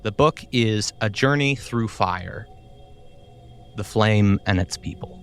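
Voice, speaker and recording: A man's voice: on the low side, slow, a bit bright, clean tone, soft background music. Laid-back man running a tabletop game. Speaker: game master.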